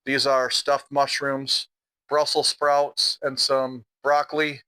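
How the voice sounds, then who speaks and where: A man's voice: medium pitch, level tone, takes it slowly, bright, forceful tone, clean tone, rough recording. A middle-aged man with a Midwestern American accent, chatting casually on his home vlog while he eats dinner and sometimes talks with his mouth full. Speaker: outdoor vlogger.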